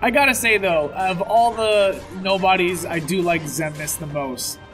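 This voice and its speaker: A man's voice: sits high, measured pace, fairly bright tone. A man commentating a video game, chatty and joking, laughing often. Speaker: let's play commentator. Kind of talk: casual gameplay commentary. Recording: faint game music behind.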